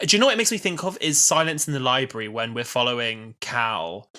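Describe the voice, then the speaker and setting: A man's voice: mid-range voice, brisk, sharp tone. A man in his twenties co-hosting a podcast in casual chat, talkative and laughing a lot. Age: 20s. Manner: chatty, many fillers and restarts, laughs a lot. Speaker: podcast co-host.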